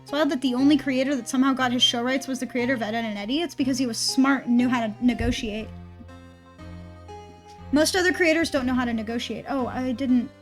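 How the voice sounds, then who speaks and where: A young adult woman streaming a game, chatting casually and excitably to her chat, swearing and laughing often. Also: sits high, fast, soft background music. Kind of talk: casual live-stream commentary.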